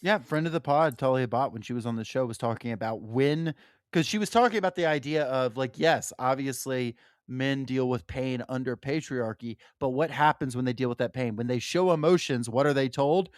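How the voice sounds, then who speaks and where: A young man with a mid-range voice talks briskly as a podcast co-host, chatting about a novel in a loose, profane way full of fillers. The recording is dry, with clean studio sound.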